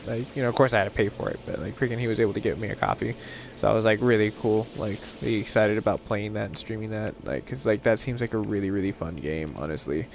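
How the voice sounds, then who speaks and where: A man's voice: lowish voice, fast talker, creaky, a little hiss or hum. A young man chatting casually while streaming a game, rambling and swearing, full of filler words. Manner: rambling, profane, lots of "like" fillers. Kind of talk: casual gaming stream chat.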